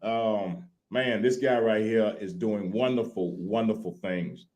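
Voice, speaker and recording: A man's voice: on the low side, unhurried, rough recording. A man from Louisiana with a Southern accent, hosting a livestream show in a folksy, casual way while wearing a headset mic. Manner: folksy, hypes the intro with loud sing-song shouts. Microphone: headphones with mic.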